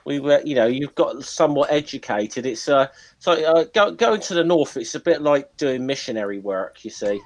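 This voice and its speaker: Halting, teasing man on a panel. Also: mid-range voice, expressive, poor audio. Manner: halting, repeats words while teasing. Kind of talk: casual joking chat.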